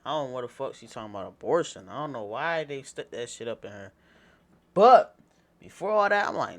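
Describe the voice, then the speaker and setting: A young man reacting to a video in casual chat, with loud laughing outbursts and profane banter. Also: medium pitch, very animated, a little fast.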